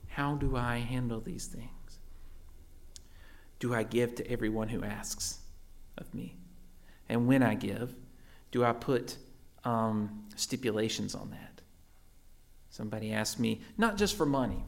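A man's voice: mid-range voice, measured pace, gravelly, pauses often. Conversational man preaching a sermon. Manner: conversational, often adds "right?" to points; swings between lively raised emphasis and soft hushed asides. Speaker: pastor.

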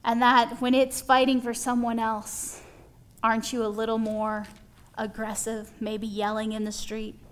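A woman preaching a conversational sermon, folksy and animated, acting out little dialogues as she talks. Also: fairly high pitch, unhurried, clear, resonant tone.

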